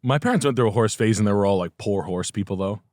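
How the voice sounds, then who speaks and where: A man's voice: on the low side, fast, a little mellow, no echo. A man hosting a podcast, telling crude, rambling stories full of vulgar jokes into a studio mic. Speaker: podcast host. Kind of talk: casual podcast chat. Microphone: studio podcast mic on an arm.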